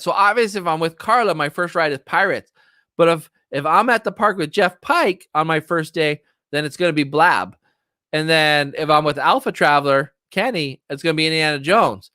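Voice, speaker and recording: A middle-aged man hosting a casual livestream chat, excitable and rambling as he reminisces. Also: a little high, no echo, studio quality. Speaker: livestream host. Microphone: streaming setup, close mic.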